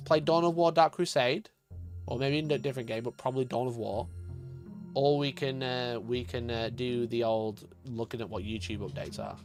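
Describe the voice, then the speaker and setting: A man chatting casually on a live stream, joking and swearing often, with frequent laughter. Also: mid-range voice.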